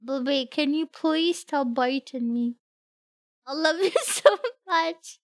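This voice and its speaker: A woman streamer with a high voice drawls slowly and playfully, giggling as she scolds her cat. She is close to the mic in a dead, dry room. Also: dry recording. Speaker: VTuber streamer reacting to a video. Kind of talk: casual reaction stream chat.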